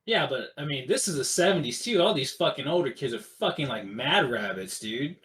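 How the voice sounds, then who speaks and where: Animated, swearing male co-host. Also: mid-range voice, brisk. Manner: animated, swearing, acts out quotes. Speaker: podcast co-host. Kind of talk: casual chat.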